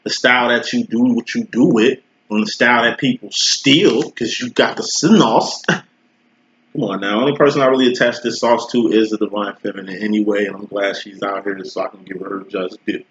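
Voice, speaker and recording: A man with a fairly low voice reads tarot cards in a loose, slangy, swearing, conversational way. His voice sounds roomy and dull, like a lo-fi home recording. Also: fairly even intonation, brisk, few pauses, a bit bright. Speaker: tarot reader. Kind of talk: casual tarot reading.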